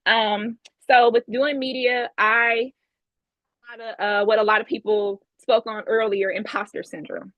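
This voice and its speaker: Ohio woman, guest speaker, heartfelt testimony, raised pitch, dry video-call sound. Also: fairly even intonation, a little slow, no echo, muffled recording. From Ohio, USA. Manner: earnest, emphatic storytelling with many restarts. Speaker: guest speaker at an online women's event. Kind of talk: personal testimony talk.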